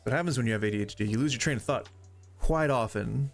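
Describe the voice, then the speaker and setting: Chatting casually on a live stream, this gaming streamer from the Southern United States has a light twang and a gravelly, mid-range voice at a quick pace. He rambles off on wry tangents into a desk microphone while faint music plays behind him.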